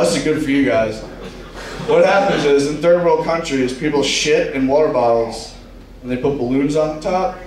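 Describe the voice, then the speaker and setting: Profane stand-up comic in an echoey club. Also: male voice, a little high. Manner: profane storytelling, acting out quoted lines. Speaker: stand-up comedian. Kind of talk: stand-up comedy set. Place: comedy club bar. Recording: echoey room, distant mic, club noise.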